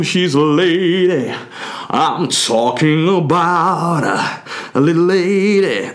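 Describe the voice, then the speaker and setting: A young man, rambling through a crude comic monologue full of tangents. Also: on the low side. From Ireland.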